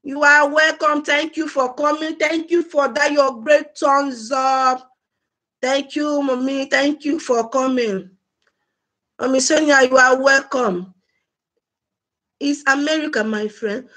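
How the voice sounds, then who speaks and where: A woman's voice: sits high, fairly even intonation, slow, fairly bright tone. A woman hosting a casual live stream, chatty and laughing often as she greets viewers by name. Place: home in Germany.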